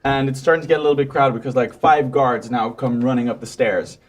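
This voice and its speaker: A man narrating as game master of a tabletop role-playing game, quick to voice panicked characters. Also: mid-range voice, muffled recording. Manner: lively, voices panicked NPCs mid-narration.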